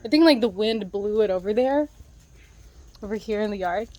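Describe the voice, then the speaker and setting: A woman's voice: medium pitch, expressive, normal speed, a little mellow, no room sound. A woman vlogging casually outdoors in her backyard, rambling and filling her speech with "like". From outside the US, moved there as a child. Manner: rambling, filler-heavy, says "like" constantly. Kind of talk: casual vlog chat.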